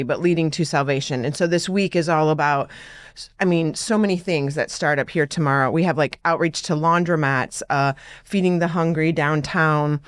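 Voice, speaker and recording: A woman hosting a casual church conversation, lively and affirming. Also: low voice, dry recording, clean studio sound. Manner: lively, affirming, laughs often. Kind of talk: casual church podcast chat.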